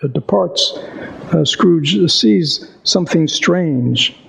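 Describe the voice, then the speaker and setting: A man giving a reflective Buddhist talk, asking rhetorical questions and pausing often to think, and reading a story aloud. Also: fairly high pitch, lively intonation, gravelly, slight background noise, low-quality recording. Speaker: Buddhist teacher. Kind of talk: dharma talk with read-aloud passages.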